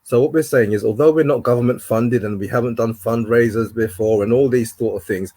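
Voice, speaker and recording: A man's voice: medium pitch, fairly quick, warm tone, no room sound. A man answering interview questions in an earnest, explanatory way. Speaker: guest.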